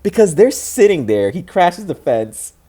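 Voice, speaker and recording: A man's voice: sits high, sing-song, unhurried, dark tone, slightly rough. Co-host, male, easygoing film chat, laughs a lot and echoes phrases. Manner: enthusiastic, laughs often, repeats phrases. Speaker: podcast co-host. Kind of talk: casual movie commentary chat.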